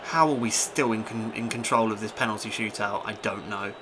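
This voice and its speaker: A young gaming YouTuber gives live commentary on his own football video game, addressing the on-screen players and swinging between muttering and shouting. His voice is fairly low and fairly even in intonation, brisk, with background noise.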